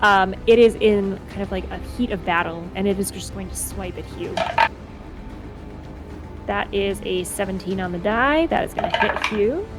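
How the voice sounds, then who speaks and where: A woman's voice: mid-range voice, moderate pace, music in the background. A young adult woman acting as dungeon master, narrating combat and explaining rules while thinking aloud. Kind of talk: running a tabletop game.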